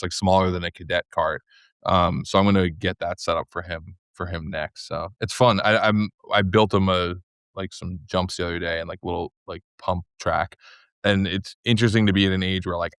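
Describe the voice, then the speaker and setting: A man in his forties, a filmmaker guest in a casual interview, telling stories in an animated way full of "like" fillers. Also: deep voice, moderate pace, smooth, no room sound, studio quality. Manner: animated storyteller, heavy "like" fillers.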